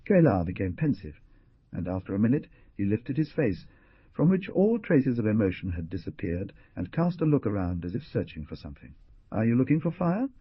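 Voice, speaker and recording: Man, audiobook narrator, lively up-and-down delivery, husky, dull dry recording. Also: lowish voice, a little fast, no echo. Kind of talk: scripted narration.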